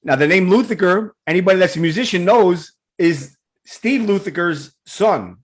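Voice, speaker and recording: A man with a New York accent hosting a casual interview, loud and chatty. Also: high-pitched, moderate pace. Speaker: podcast host. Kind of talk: casual interview over a video call.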